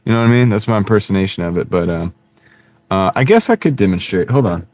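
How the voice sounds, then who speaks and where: Expressive and a little mellow, his low voice moves quickly with no echo. The man is livestreaming casually from inside his car, using a wireless clip-on mic as he rambles, cracks jokes with viewers and frequently laughs.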